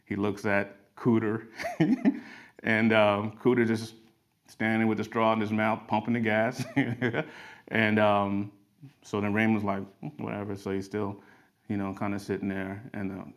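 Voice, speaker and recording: A man's voice: fairly low pitch, flat delivery, measured pace, long pauses. A man telling folksy parable-like stories as a motivational talk, in a garage converted into a studio. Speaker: creative studio owner. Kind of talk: motivational storytelling.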